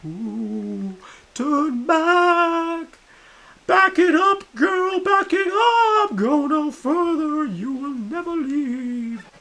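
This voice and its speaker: A man voicing a male pirate ghost who yells warnings at intruders in a high falsetto. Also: expressive, very slow, gravelly, heavily acted, rough recording. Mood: menacing.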